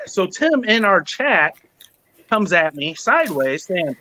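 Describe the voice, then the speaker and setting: A man with a noticeably high voice hosts a casual podcast chat. He tells a long grievance story with lots of energy, acting out everyone he quotes and cursing freely. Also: slow, low-quality recording. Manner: animated, acts out quoted people, swears. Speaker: podcast host.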